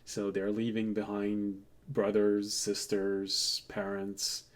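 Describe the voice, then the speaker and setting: A man running a tabletop game as game master, relaxed and digressive, laughing often as he tells stories. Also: lowish voice, slow.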